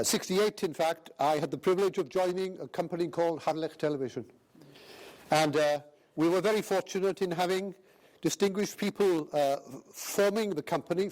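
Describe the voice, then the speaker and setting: A man's voice: sits high, a little mellow. Welsh older man giving a speech. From Wales. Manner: anecdotal, hesitant with many fillers, addresses the chairman. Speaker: speaker. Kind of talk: after-dinner speech. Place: festival hall.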